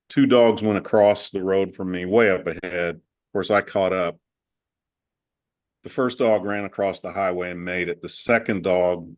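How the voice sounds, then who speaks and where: Low-voiced man talking candidly. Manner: chatty storyteller, rambling and candid. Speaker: coaching client. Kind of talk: casual call conversation. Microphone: video call.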